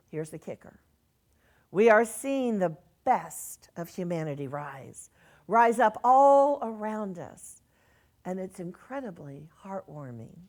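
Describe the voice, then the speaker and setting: Earnest woman minister preaching. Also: medium pitch. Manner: earnest, reads messages aloud, repeats phrases softly. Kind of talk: sermon.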